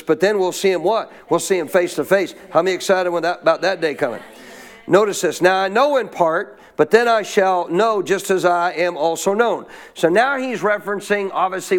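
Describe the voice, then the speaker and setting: A man preaching a sermon as pastor, reading verses and prompting his congregation to answer his questions aloud. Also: sits high. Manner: call-and-response preaching, asks congregation questions. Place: church.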